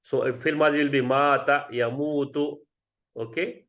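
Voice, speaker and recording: A man's voice: mid-range voice, fairly even intonation, normal speed, fairly bright tone. A man teaching a grammar class, explaining step by step and often checking with students. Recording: dull lo-fi sound.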